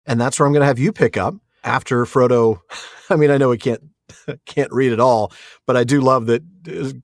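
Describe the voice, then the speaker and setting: A man's voice: mid-range voice, steady tone, normal speed, no room sound. A man co-hosting a podcast, discussing a book with enthusiasm and easy laughter. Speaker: podcast co-host.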